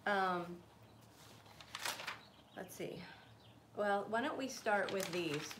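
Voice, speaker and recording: Slow-talking woman co-host. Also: mid-range voice, animated, background noise. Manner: unhurried, scrolling through questions as she talks. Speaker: co-host reading questions. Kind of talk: casual live-stream chat.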